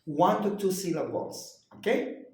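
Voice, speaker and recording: A man's voice: high-pitched, expressive, unhurried, a little mellow. Male tutor, patient question-and-answer drilling; roomy echo. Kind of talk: one-on-one grammar lesson. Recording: very echoey room.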